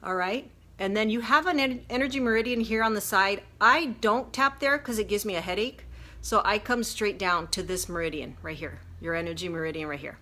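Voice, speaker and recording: A woman with a grown daughter, working as a life coach, speaks briskly in a mid-range voice with a sharp tone. Over a phone or webcam livestream she gives an earnest, chatty self-help lesson step by step, full of fillers and restarts.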